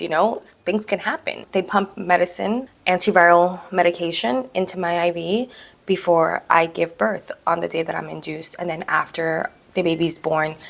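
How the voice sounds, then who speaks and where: Woman vlogger with vocal fry, candid and animated, personal story to camera. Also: lowish voice. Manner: candid, animated, acts out dialogue.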